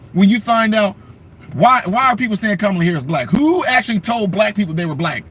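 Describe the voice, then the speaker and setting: A man's voice: sits high, fairly bright tone, husky. A man giving political commentary on his vlog, talking straight to his viewers in an emphatic, ranting way.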